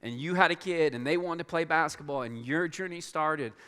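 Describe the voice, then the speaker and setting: A man speaking as a pastor to his church in a large auditorium, earnest and halting, with many restarts. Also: fairly high pitch, bright, forceful tone, clean tone. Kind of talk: church announcement and sermon. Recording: long hall reverb.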